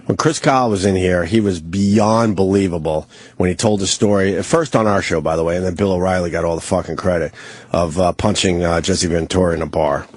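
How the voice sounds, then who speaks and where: A low, slightly husky male radio host talks casually into a close mic in a dead-dry studio. He reads news aloud and breaks off into blunt, cussing asides. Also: brisk, darkish tone, no echo. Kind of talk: casual talk radio banter.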